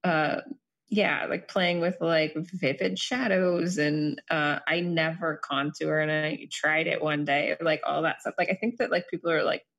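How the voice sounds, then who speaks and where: Woman, relaxed conversation, lowish pitch, rambling, filler words. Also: a little slow. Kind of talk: casual chat.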